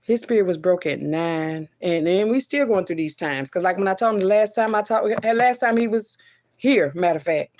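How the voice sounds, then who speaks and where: At normal speed, a mother pours out an emotional personal story, profane and emphatic. Her voice rises into loud outbursts and drops to low murmurs, with refusal after refusal.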